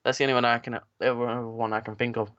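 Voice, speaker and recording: A man's voice: medium pitch, little pitch movement, fast talker, fairly bright tone, clear, resonant tone, no echo. A man co-hosting a podcast, rambling casually about computer hardware with lots of fillers. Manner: rambling, filler-heavy tech talk. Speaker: podcast co-host. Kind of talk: casual chat. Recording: dull lo-fi dry sound.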